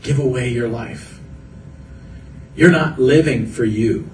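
A man's voice: mid-range voice, takes it slowly, a little mellow, reverberant, far from the mic, a little hiss or hum, rough recording. A man preaching a sermon as pastor, earnest and building through repeated phrases. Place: church hall.

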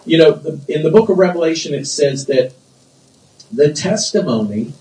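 Man, pastor preaching, mellow voice, emphatic and repetitive, echoey church, mic at a distance. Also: a little high, animated, normal speed. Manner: emphatic preaching with repeated phrases and call-and-response. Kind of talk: sermon. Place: church sanctuary.

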